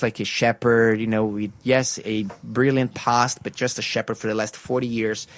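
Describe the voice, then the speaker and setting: A man hosting a faith radio breakfast show tells a Bible story in a casual way, full of fillers and restarts. He jumps up in pitch to act out each voice. His studio mic sounds dry and close. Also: no echo.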